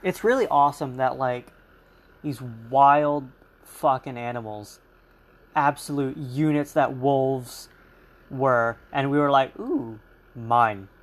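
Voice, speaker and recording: A man's voice: medium pitch, slow pace. A young man hosting a solo podcast, rambling and swearing, mocking voices for animals and critics. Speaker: podcast host.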